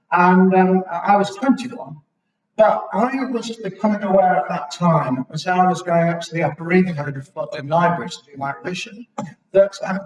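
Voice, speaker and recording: A British man in his sixties speaks to a gathered audience, his slightly raised voice ringing through a chapel. He picks his way through his memories, halting on frequent ums. He stands back from the microphone, so the room's echo wraps around every phrase. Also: a little high. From Britain. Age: 60s. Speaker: guest speaker at a local history evening. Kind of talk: reminiscing public talk. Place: chapel hall. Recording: echoey chapel, mic at a distance.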